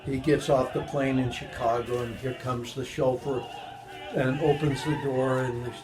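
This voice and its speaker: Older male joke teller, halting, restarts a lot, high squeaky character voices, faint music bed. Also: poor audio. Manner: animated, jumps high in pitch for voices in the jokes. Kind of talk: casual joke telling.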